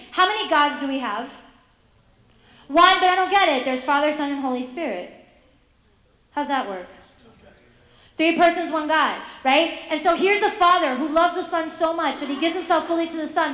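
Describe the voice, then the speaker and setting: A young woman with a high voice gives a lively faith talk to a room of students. She keeps asking her listeners questions and acts out the voices of the people she quotes. The sound rings around an echoey hall. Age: young adult. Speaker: speaker addressing high school students. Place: school hall.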